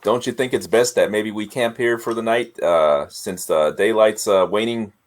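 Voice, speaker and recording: A man playing a tabletop game, speaking haltingly with many fillers and frequent laughter. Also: lowish voice. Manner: halting, full of uhs, laughs often. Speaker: player.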